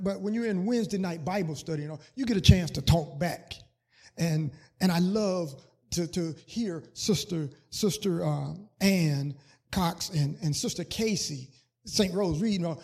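A man's voice: high voice, a little mellow, slightly rough. A man preaching a sermon as pastor, repeating words and building to fervent, sung emphasis on scripture.

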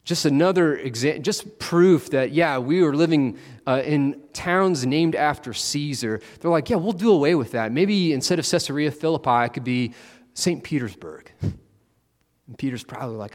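A man's voice: a little high, expressive, normal speed, big-room sound. A man preaching a conversational sermon, acting out the disciples with playful asides.

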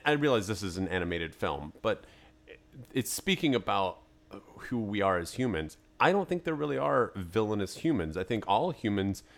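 On a studio podcast, a male co-host thinks aloud and argues his view of a film during a casual movie review chat. His voice is on the low side, sing-song and creaky, at a moderate pace.

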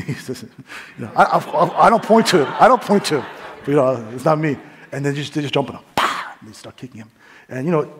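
A middle-aged New York man gives his story as a sermon testimony, often dropping into quiet asides. His voice is medium in pitch with a breathy edge.

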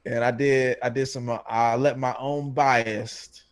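A man hosts a laid-back gaming podcast, brash and animated, swearing as he goes. His voice sits at an ordinary middle pitch, and he talks in loose casual chat. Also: unhurried, clear, resonant tone. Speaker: podcast host.

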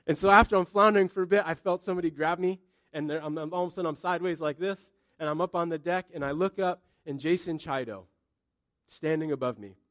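A man preaching in church as a pastor, building up his points through repeated emphatic phrases. His voice sits a little higher than most men's. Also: fast talker, fairly bright tone. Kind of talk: sermon.

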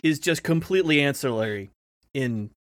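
A man's voice: on the high side, expressive, normal speed. A man in casual podcast chat, reasoning through points and teasing the others.

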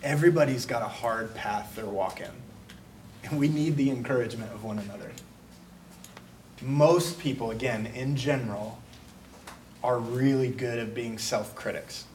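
A pastor preaching a conversational sermon, breaking into quick acted asides. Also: male voice, medium pitch, darkish tone, distant mic, a little hiss or hum.

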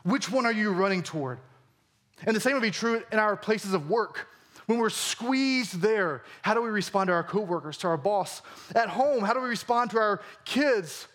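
High-voiced Southern pastor preaching earnestly. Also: male voice, expressive, moderate pace, fairly bright tone. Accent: Southern American. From Georgia, US. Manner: earnest, conversational preaching with rhetorical questions. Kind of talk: sermon.

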